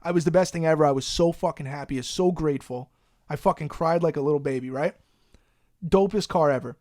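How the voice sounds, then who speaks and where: New dude on a podcast, swearing a lot, kinda high voice, dry close sound. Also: male voice, quick pace, no echo. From Long Island, New York. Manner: profane, animated storyteller. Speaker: podcast host. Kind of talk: casual storytelling.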